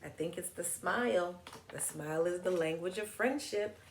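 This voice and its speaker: A woman's voice: on the low side, normal speed, creaky, roomy sound, a little hiss or hum. A woman reading a picture book aloud to children, patiently teaching words and hand signs as she goes. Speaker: children's story reader and teacher.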